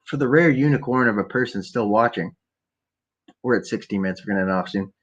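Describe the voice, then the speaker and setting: A man's voice: on the low side, a little fast. A man hosting a rambling late-night solo podcast at home on a laptop, swearing constantly and talking while stoned. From Canada. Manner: profane, rambling, stoned, ranting. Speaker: podcast host. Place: home at night, keeping quiet for neighbors.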